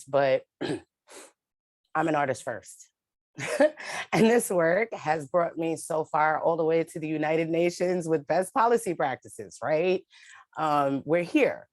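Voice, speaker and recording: Deep-ish new lady, direct and emphatic, on a video call, dry sound. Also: dry recording. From New York City. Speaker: advocate and panelist. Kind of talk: spoken-word poem, then personal testimony. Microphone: remote video call mic.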